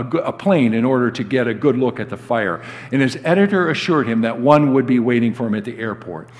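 An older man preaching a sermon as a guest pastor, telling stories and acting out the quoted lines with rising emphasis. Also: mid-range voice. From United States. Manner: storytelling, acts out quoted dialogue with rising emphasis. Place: church sanctuary. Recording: long hall reverb.

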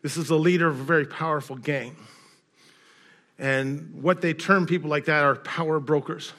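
A man giving a sermon, telling a story with many fillers and restarts, getting louder and higher in dramatic parts and dropping quiet when reflecting. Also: fairly even intonation, normal speed. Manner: storytelling, rising loud and high in quoted scenes, dropping quiet in reflection. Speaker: pastor.

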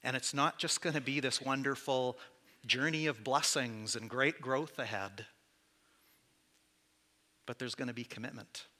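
A man's voice: mid-range voice, sharp tone. A man preaching as pastor to his church, candid and conversational, with self-deprecating asides. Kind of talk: sermon.

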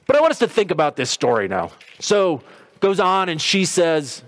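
A man's voice: sits high, very animated, fast talker, a bit bright. A middle-aged man preaching a sermon in a conversational storytelling way, briefly acting out quotes. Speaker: pastor.

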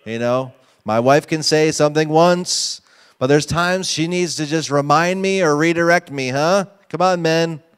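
A man's voice: fairly high pitch, a little slow, smooth. A pastor preaching a sermon to his congregation, emphatic and often asking them questions. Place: church sanctuary.

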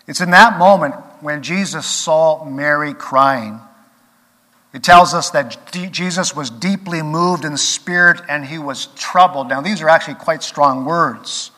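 Male pastor, sermon delivery, earnest with emphatic swells; slightly high, bright voice. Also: measured pace. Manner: earnest, rising to emphatic peaks then dropping quiet. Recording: long reverb of a large hall.

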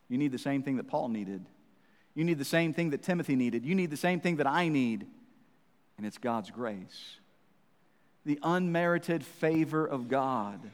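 A man preaching a sermon as pastor, calling listeners "friend" and repeating phrases for emphasis. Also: fairly high pitch. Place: church sanctuary. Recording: long reverb of a church hall.

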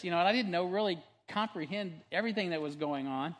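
A male pastor preaching a sermon in a conversational, storytelling way, earnest and animated, often restarting and adding asides. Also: high voice, fast talker, hardly any pauses, long reverb tail. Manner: earnest and animated when testifying.

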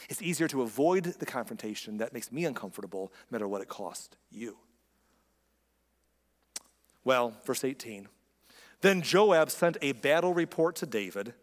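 Conversational preacher in a reverberant hall. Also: male voice, medium pitch, expressive, moderate pace, pauses often. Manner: conversational, emphatic, asks rhetorical questions. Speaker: pastor. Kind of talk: sermon.

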